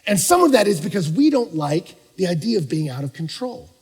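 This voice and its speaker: Man preaching, animated sermon, husky voice, long hall reverb. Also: high-pitched, a little fast. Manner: animated, swings from hushed to shouting. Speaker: pastor. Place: large church auditorium.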